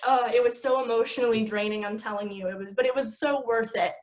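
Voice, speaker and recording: Young actress guest, chatty and self-mocking, a higher-pitched woman's voice. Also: steady tone, quick pace. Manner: rambling, laughing, self-mocking. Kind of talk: casual podcast chat.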